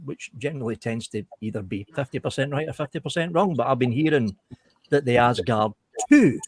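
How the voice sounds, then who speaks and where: Male panelist, sweary and blunt, lively pitch. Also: a little fast, no room sound, studio quality. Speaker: vape show panelist. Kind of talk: casual banter.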